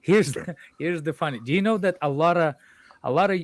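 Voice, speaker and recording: A man's voice: a little high, a little fast, dry recording. A man who grew up in Moldova, chatting casually on a stream and telling stories with some stumbles. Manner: animated storytelling, some stumbles. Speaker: stream panelist. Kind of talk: casual chat.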